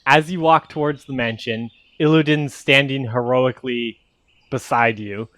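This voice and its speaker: A man's voice: medium pitch, fairly even intonation, normal speed, a bit bright, no echo. A man narrating as game master of a tabletop game, casual with many fillers.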